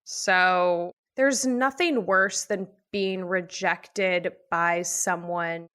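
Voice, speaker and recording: A woman guest on a podcast, telling a personal dating story in casual chat, animated and quick to act out what others said. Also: lowish voice, clean tone. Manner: animated storyteller, acts out quoted voices. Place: podcast studio.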